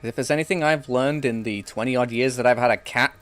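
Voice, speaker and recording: Rambling streamer, mid pitch. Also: male voice, quick pace, a bit bright, faint music behind. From England. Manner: rambling, joking, swears casually. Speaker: game streamer. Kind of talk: casual gameplay chat.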